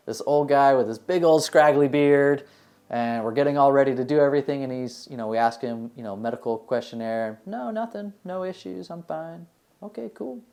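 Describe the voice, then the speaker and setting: A man from the United States, a dentist, answering interview questions in a relaxed, rambling way with many fillers. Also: mid-range voice. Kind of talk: casual interview answers, storytelling.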